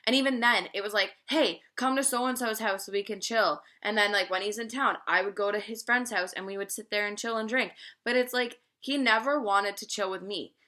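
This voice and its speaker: Brief: bright, tense-toned woman in her 20s, swearing, animated storytelling vlog. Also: mid-range voice, brisk, hardly any pauses. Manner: profane, animated storytelling with frequent laughs. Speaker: vlogger.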